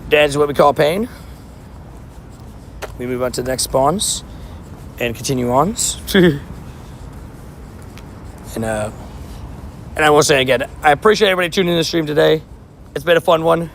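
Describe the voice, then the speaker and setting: A young man streaming a mobile game while walking outdoors, chatting and joking at himself, his voice a little hoarse. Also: a little high, moderate pace, pauses often, slight background noise. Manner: chatty, joking, self-mocking banter. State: slightly hoarse, losing voice. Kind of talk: casual livestream commentary while playing.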